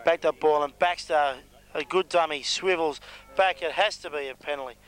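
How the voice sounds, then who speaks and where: A man with an Australian accent doing joking, excitable play-by-play on an amateur rugby league match. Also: a little high, normal speed, clean tone, rough recording. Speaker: match commentator.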